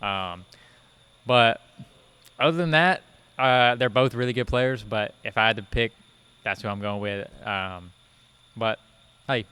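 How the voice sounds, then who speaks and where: A man co-hosting a casual sports podcast, weighing his points in a calm, reasoned way. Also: fairly low pitch, clean tone. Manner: measured, reasoned, lots of um and I feel like. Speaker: podcast co-host.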